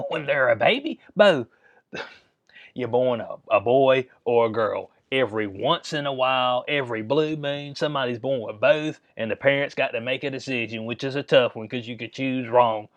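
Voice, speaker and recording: A man with a medium-pitched voice speaks at a moderate pace on a dry recording. Hosting his own channel, he delivers a ranting commentary vlog in casual slang, full of exasperated asides.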